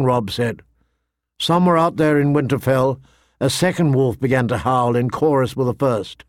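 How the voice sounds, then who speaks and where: A man narrating an audiobook in a measured, somber storytelling manner. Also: medium pitch, dry recording, studio quality. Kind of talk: scripted narration.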